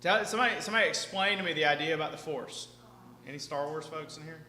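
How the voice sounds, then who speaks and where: Male seminar speaker, high-ish bright voice, chatty and animated, long hall echo. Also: fast. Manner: animated, chatty, keeps asking "right?". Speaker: speaker teaching a seminar audience. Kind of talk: lively seminar talk to an audience. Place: large hall with an audience. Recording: echoey hall, faint hum.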